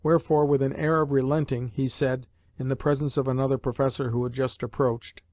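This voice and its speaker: A male audiobook narrator reads a classic novel in a steady, measured way. His mid-range voice is recorded close and dry with no room around it. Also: mid-range voice, dry recording. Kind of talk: scripted narration.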